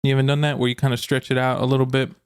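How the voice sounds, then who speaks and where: Dude co-hosting a chill podcast, giggles a lot, super casual, mid pitch. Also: male voice, flat delivery, very fast, smooth. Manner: giggly, loose, laughs at own jokes. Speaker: podcast co-host. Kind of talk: casual chat.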